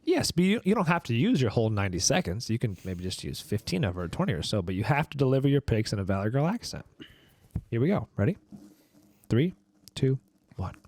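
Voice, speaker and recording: A man hosting a comedy podcast game, calling on players with brisk, upbeat prompts. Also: medium pitch, big pitch swings, darkish tone, no echo. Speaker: podcast host running a game.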